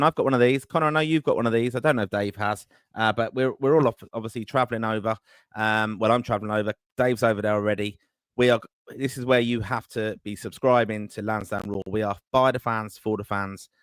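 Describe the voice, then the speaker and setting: A man's voice: mid-range voice, steady tone, fast talker, smooth, no room sound, clean studio sound. A man hosting a live fan podcast over a video call, upbeat and optimistic, mixing chat with plugs for the show. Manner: upbeat, self-styled optimist, promotional patter. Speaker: podcast host.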